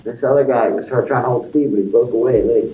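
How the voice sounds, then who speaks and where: A man's voice: medium pitch, fairly even intonation, fast, reverberant, recorded from a distance, highs cut off, slight background noise. A man being interviewed, telling rambling stories about his youth and acting out other people's voices.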